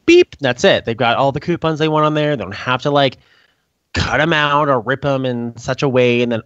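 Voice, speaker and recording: A man co-hosting a podcast, casually telling work stories and acting out quotes in high squeaky voices. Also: fairly quick, fairly bright tone, dry recording. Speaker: podcast co-host. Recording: dull lo-fi mic, dry.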